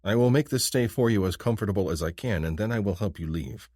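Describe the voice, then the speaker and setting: A smitten alien chief's son makes solemn, formal promises in a very low voice that swings widely in pitch as a male narrator plays him in an audiobook. The sound is close and dry. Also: expressive, quick pace, darkish tone, no room sound. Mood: earnest. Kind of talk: audiobook character voice.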